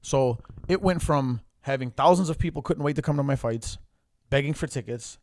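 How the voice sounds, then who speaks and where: A man from Michigan, a former pro boxer, telling his story as a podcast guest in a lively, profane way and acting out what others said. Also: medium pitch, normal speed, no echo, clean studio sound. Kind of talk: casual storytelling.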